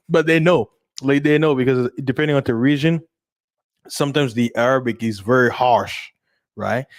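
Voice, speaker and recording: A man's voice: medium pitch, normal speed, no room sound, clean studio sound. Chatty man hosting a casual livestream. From Africa. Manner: chatty, laughs often, repeats words. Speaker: channel host. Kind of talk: casual livestream chat reading comments.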